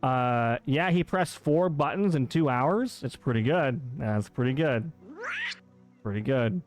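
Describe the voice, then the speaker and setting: A man live-streaming a game, ribbing his chat with playful mock outrage. His pitch sits right in the middle for a man. Soft game music hums faintly behind him. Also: animated, unhurried. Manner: playful, teasing banter with chat.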